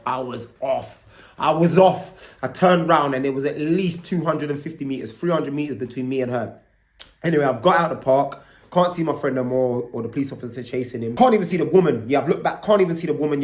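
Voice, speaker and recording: A man's voice: medium pitch, echoey room. A man, telling a story to his vlog camera in a loose, casual way. He swears freely and keeps tagging lines with "right?". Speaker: vlogger.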